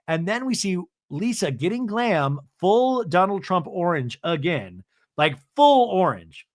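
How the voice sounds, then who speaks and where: Animated man recapping reality TV. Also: a little high, no echo. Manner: animated, acts out quotes in exaggerated voices. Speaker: podcast host.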